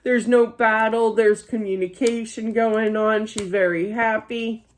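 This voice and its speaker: A woman's voice: fairly high pitch, steady tone, measured pace. A middle-aged woman giving a psychic reading, chatty, with many fillers and frequent laughter. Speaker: psychic medium. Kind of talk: spiritual reading monologue.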